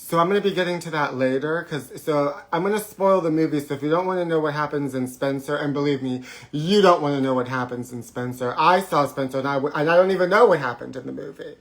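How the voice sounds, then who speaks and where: The host of a live trash-talk show delivers a campy live-stream monologue, theatrical and gossipy, jumping from topic to topic. His voice is a little high and a bit bright, quick with few pauses, and he forgot to put on his microphone.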